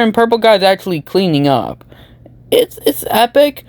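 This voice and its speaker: A woman rattles through a comedic movie recap in a goofy, rambling way, stacking meme slang as she goes. Her voice is smooth and clean, at a middle pitch. The sound is dry and close, with no room around it. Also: big pitch swings, normal speed, no echo. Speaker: YouTube commentator.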